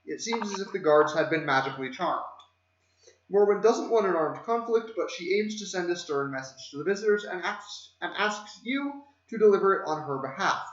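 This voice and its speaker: A man's voice: sits high, lively intonation, normal speed. A man running a tabletop game as game master, reading out prepared scene descriptions. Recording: roomy, dull lo-fi mic.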